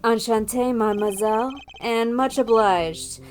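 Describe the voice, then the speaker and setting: A woman voicing a smooth-talking, flirtatious male defense attorney with a suave, smarmy manner. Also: a little high, a little slow, darkish tone, soft background music, lightly acted. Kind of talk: reading a visual novel aloud.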